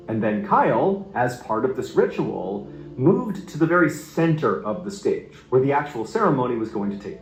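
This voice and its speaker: A man narrating a true story in a casual, animated way, building suspense with casual asides. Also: medium pitch, echoey room, poor audio.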